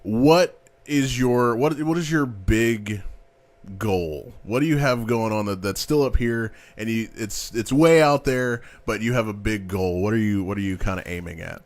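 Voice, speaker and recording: A man hosting a podcast interview, encouraging his guest and quick to agree. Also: on the low side. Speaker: podcast host. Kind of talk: casual interview chat.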